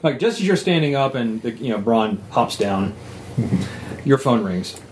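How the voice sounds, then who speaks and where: A man narrating a tabletop game as game master, talking in a loose, animated way with many fillers. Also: mid-range voice, unhurried, a little hiss or hum.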